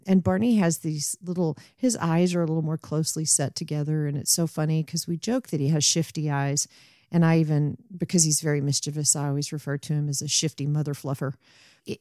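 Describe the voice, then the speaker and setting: A middle-aged woman with a drawl tells a personal story in a loose, rambling way and keeps breaking off to restart her sentences. Her voice is soft and mellow and sits a little low. The recording is close and dry. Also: no room sound. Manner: rambling, warm-hearted, self-interrupting. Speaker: podcast host. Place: home bedroom.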